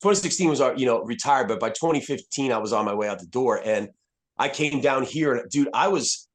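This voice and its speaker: A man's voice: medium pitch, brisk. A man in his fifties, a retired soldier speaking as a podcast guest, telling his story candidly in a blunt, profane way with many restarts. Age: 50s.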